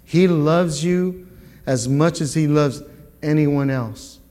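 Speaking before a church congregation, a middle-aged guest speaker offers his testimony with a fairly high pitch and a dark tone. His delivery is very slow and earnest, full of stumbles and repeated words, echoing with a large hall's long reverb.

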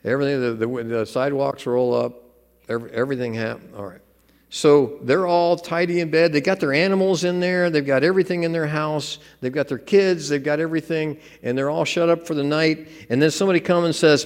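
A man preaching a sermon in a relaxed, conversational way, with joking asides. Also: fairly high pitch, brisk, big-room sound. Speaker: pastor.

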